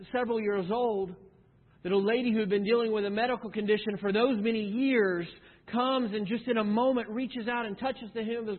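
A man preaching a sermon, earnest, often repeating a word as he restarts and asking the listeners questions. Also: high-pitched. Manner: earnest, stumbles and repeats words, rhetorical questions. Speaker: pastor. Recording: tinny phone-like sound with long hall reverb.

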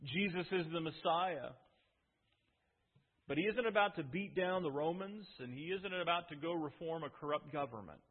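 A preacher voicing a calm male teacher, speaking low, quiet and solemn in a husky voice. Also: normal speed, big-room sound. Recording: tinny phone-like sound.

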